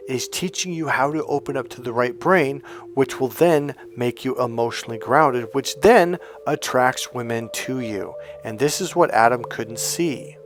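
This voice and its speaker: A man's voice: medium pitch, unhurried, a little hiss or hum. A man working as a dating coach, telling a story to the camera, acting out the dialogue and swearing freely along the way.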